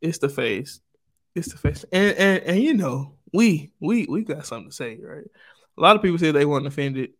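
A young man in his twenties with a Southern US accent, co-hosting a podcast in joking, animated casual chat. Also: on the high side, moderate pace. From Jackson, Mississippi, US. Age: 20s. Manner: joking, animated, breaks into laughter and impressions. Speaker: podcast co-host.

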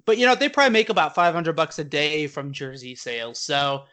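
A man co-hosting a podcast, chatting and joking in a loose, animated way. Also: a little high, a little fast. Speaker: podcast co-host. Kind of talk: casual chat.

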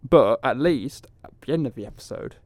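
A man's voice: medium pitch, expressive, brisk, a little mellow, no echo. A man co-hosting a podcast, laid-back, mostly chiming in with brief agreeing remarks as they recap a TV episode. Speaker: podcast co-host. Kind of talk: casual chat recapping a TV episode.

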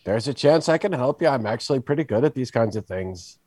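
A man's voice: mid-range voice, lively intonation, a little fast, a little mellow, breathy edge, dry recording. A man voicing a weary, folksy village coffin maker in a wobbly put-on Scottish accent. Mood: helpful.

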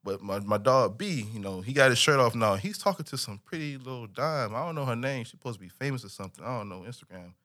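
A young man casually telling a story in an animated, slangy way, full of restarts and repeats. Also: mid-range voice, fast, few pauses.

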